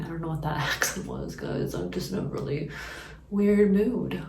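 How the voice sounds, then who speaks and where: A woman's voice: sits low, huge pitch swings, normal speed, a little mellow, a little hiss or hum. A young woman chatting casually through a makeup routine, rambling with lots of fillers. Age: young adult. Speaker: beauty vlogger. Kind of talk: casual makeup tutorial chat. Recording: echoey room, mic at a distance.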